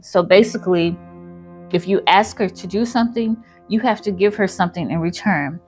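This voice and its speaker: A woman's voice: fairly low pitch, moderate pace, soft background music. A woman casually telling a story, rambling with lots of fillers. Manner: rambling, filler-heavy retelling.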